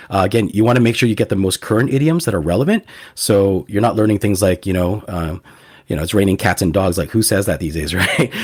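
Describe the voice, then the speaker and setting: A man's voice: on the low side, breathy edge. A man, a guest teacher on a podcast interview, earnestly giving advice and often repeating words as he restarts.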